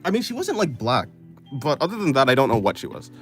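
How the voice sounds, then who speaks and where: Rambling, lively-voiced male streamer. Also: mid-range voice, quick pace, soft background music. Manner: rambling, self-correcting, often laughing; offhand, apathetic. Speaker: livestreamer answering chat. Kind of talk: casual live-stream chat.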